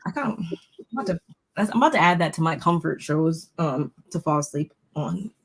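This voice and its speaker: A woman co-hosting a casual reality TV recap for live viewers, chatty and quick to laugh. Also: sits low, lively intonation, creaky, slightly rough.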